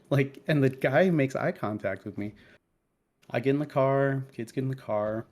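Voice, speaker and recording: With a mid-range voice at normal speed, a man in his thirties co-hosts a podcast and tells a story in loose, casual chat. He swears a lot and breaks off into heated asides, animated throughout.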